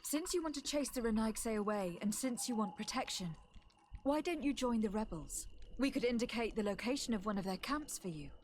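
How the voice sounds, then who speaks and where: An actress voicing a composed noble envoy in a video game, asking questions politely and in measured tones. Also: female voice, on the high side, animated, a little mellow, a little hiss or hum, natural voice. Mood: calm. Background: game music.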